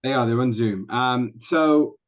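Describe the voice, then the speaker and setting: Casting: English man, mid-pitched, chatty guest explaining at length, slightly dull call sound. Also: measured pace. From England. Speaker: guest, actor and dialect coach. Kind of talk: casual interview chat.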